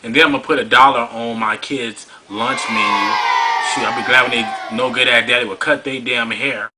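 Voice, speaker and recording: A man voicing a brash woman who gloats about spending child support money, in a drawling, sassy manner with high-pitched outbursts. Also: steady tone, moderate pace, over a noisy crowd, heavy background noise, natural voice.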